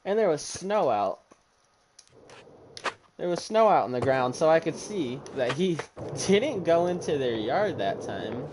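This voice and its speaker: A man's voice: a little high, a little slow, long pauses, noisy background. Profane young man telling a story. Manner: casual, profane, animated retelling with quoted dialogue. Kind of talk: casual storytime vlog.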